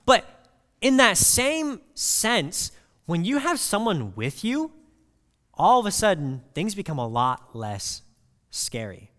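Speaking slowly from a church sanctuary, a preacher with a fairly high voice moves through lively rises and falls. He ties personal anecdotes into the scripture in a conversational manner, and a long reverb from the hall trails his words.

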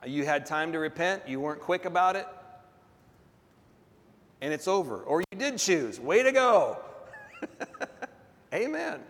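A man's voice: on the high side, very animated, a bit bright. Preacher guy stretching out his words, asks for amens, big echoey church. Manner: call-and-response, drawn-out emphatic phrases. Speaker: pastor. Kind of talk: sermon. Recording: long reverb of a big hall.

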